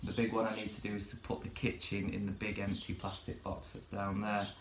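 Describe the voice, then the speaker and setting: A man's voice: lowish voice, flat delivery, a little fast, echoey room, noisy background. A man ranting casually to his vlog audience from his bedroom, swearing freely and rambling with many fillers. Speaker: vlogger.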